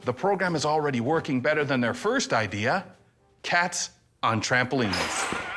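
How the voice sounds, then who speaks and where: A man hosting a comedic TV segment, delivering wry, deadpan jokes. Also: on the high side. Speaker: host. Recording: music behind.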